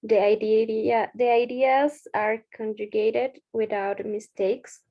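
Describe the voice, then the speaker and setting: A woman's voice: a little high, fairly even intonation, takes it slowly, dull audio. A female student reading criteria aloud carefully in an online English class. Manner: careful reading, slight self-correction.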